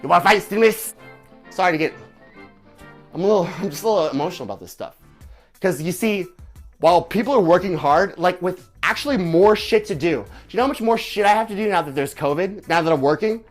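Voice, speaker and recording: Guy yelling and cussing on his livestream, lots of "where's my" questions, music faint behind. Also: high-pitched. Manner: profane, shouting, repetitive rhetorical questions. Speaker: live stream host. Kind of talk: angry political rant on a live stream.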